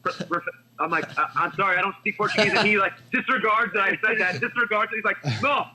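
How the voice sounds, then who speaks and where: Fast, bright-voiced man telling stories. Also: sits high, rough recording. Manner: fast animated storyteller, laughs often, swears casually. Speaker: podcast host. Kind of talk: casual podcast chat.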